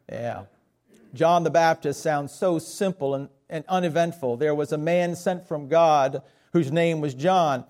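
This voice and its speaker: A man's voice: fairly high pitch, unhurried, darkish tone. A middle-aged man with a Southern US accent preaching a sermon as pastor, folksy and self-deprecating.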